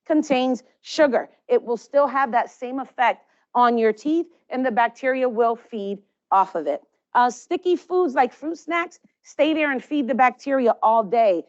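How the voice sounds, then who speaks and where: A woman's voice: high voice, dull audio. A woman giving children friendly, encouraging advice on caring for their teeth. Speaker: dental health presenter. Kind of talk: instructional talk to children.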